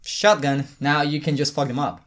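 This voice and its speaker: A man who is a guest on a podcast, talking in casual chat, excitable and swearing freely, often trailing off and restarting. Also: on the high side, moderate pace.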